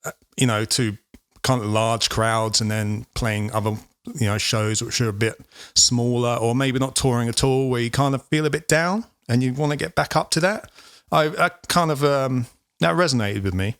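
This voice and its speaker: Relaxed man chatting as co-host. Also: medium pitch, moderate pace, clear, resonant tone, no echo, studio quality. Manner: relaxed, loose, peppered with "you know". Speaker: podcast co-host and musician. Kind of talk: casual chat.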